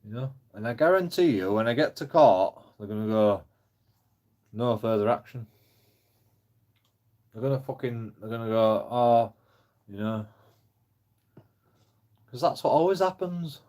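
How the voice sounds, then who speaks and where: A man's voice: medium pitch, animated, brisk, hardly any pauses, darkish tone. A man ranting angrily on a live stream, swearing often and rambling with many fillers. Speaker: livestreaming auditor.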